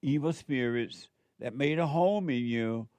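A man's voice: medium pitch, measured pace, darkish tone, no room sound. A man hosting a call-in radio show, giving spiritual advice in a drawling, preachy way with frequent chuckles.

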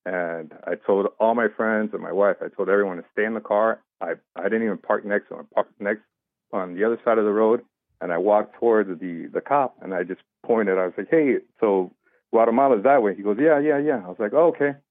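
A man's voice: fairly low pitch, brisk, no room sound. A man telling a long personal story as an interview guest, in a casual way, acting out what people said. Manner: animated retelling, acts out quoted voices. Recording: dry tinny phone-like line.

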